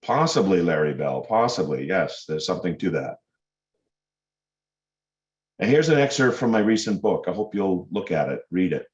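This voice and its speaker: A man's voice: sits low, darkish tone. A man giving a public lecture to students, emphatic and full of sarcastic rhetorical questions. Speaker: guest lecturer. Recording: dull lo-fi lecture recording.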